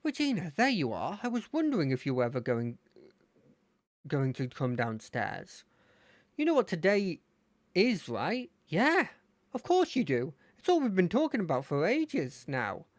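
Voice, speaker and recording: A streamer voicing an excitable, eager young male rival in a video game, gushing and breathless. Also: medium pitch, a little slow, no echo.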